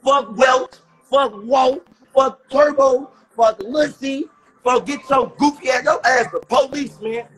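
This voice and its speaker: Very high-voiced man with Chicago accent. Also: slow pace, low-quality recording. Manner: loud, shouting, profane street slang. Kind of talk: rowdy livestream banter.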